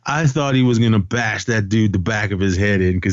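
Low-voiced man animatedly retelling a film. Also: moderate pace, no room sound, dull audio. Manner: animated storytelling, acting out characters' lines. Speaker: podcast host. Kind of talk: casual film recap.

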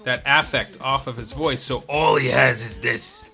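A man's voice: medium pitch, normal speed, gravelly, sharp tone, faint music behind. A man co-hosting a casual podcast, explaining things at length with frequent fillers. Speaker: podcast co-host. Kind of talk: casual chat.

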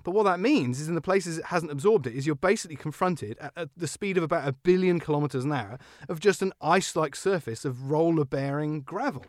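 Fast, animated man hosting. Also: a little high, dry recording, clean studio sound. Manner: animated, joking, quick-talking. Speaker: podcast host. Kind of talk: casual car podcast chat.

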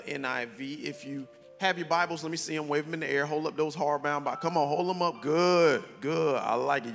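A man preaching a sermon as pastor to a congregation, lively and conversational with call-and-response, swinging from shouts to soft tones. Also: a little high. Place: large church hall with congregation. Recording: long reverb from a church hall, faint music.

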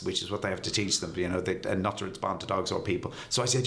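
A man's voice: sits low, fast, few pauses. A man co-hosting a podcast, chatting casually and acting out voices and barks as he tells stories. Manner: animated storyteller, acts out voices and barks. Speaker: podcast co-host. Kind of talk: casual chat.

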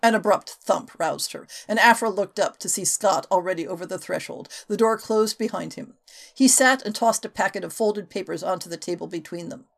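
A woman reading a historical novel aloud as an audiobook narrator, with expressive, varied delivery. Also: medium pitch, a little fast, vocal fry. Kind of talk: scripted narration.

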